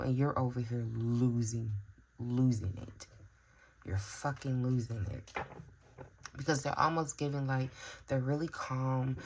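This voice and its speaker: A woman's voice: extremely low pitch, a little mellow, slight background noise. A woman giving a casual tarot reading, musing aloud with frequent fillers and sighs. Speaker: tarot reader.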